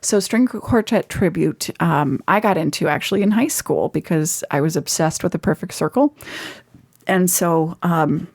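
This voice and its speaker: A woman guest, an actress, chatting in a casual interview in an animated, talkative way. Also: fairly low pitch, normal speed. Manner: chatty, animated, laughs easily.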